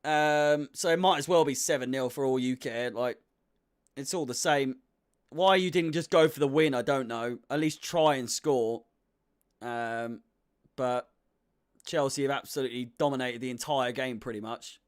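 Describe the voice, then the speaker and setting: A man's voice: mid-range voice, moderate pace, clean tone. A young man giving casual live commentary on a football match as a fan, swearing freely and sounding exasperated.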